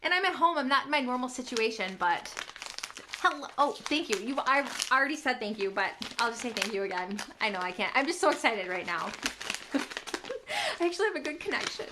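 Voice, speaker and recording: A woman artist hosts a casual live stream from the couch in her home, filmed on a tripod-mounted camera. Bubbly and excitable, she often gasps and giggles, speaking fairly quickly in a high-sitting voice against a noisy background.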